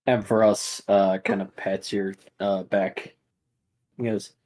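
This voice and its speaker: A man narrating a tabletop role-playing game as game master, relaxed and full of fillers. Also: on the low side, slow pace, rough recording.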